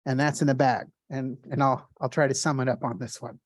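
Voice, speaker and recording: An artist giving a gallery talk shares stories about his own work in a casual, animated way, his mid-pitched voice recorded dry and close with no room echo. Excited, he talks fast in quick bursts, rushing ahead and tripping over fillers and restarts.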